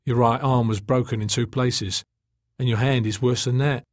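A man's voice: mid-range voice, fairly even intonation, moderate pace, no echo, studio quality, close to an everyday voice. A man voicing a blunt, practical man who explains things plainly, in an audiobook. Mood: calm.

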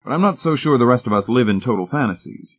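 A man voicing a decisive, commanding leader who speaks forcefully. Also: medium pitch, expressive, fast talker, husky, voice pushed up. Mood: assertive. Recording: tinny phone-like sound.

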